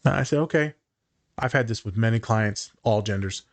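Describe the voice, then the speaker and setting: A therapist with a fairly low voice and a moderate pace chats casually on a podcast. He tells client stories with lots of swearing, animatedly acting out the quotes.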